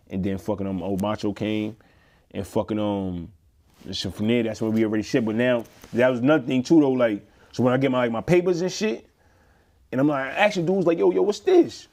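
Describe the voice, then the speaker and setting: Gravelly Bronx man telling prison stories. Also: lowish voice. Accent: New York. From the Bronx, New York. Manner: rambling, full of fillers and restarts; acts out others' lines in animated voices. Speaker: interview guest, former inmate. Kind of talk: casual storytelling.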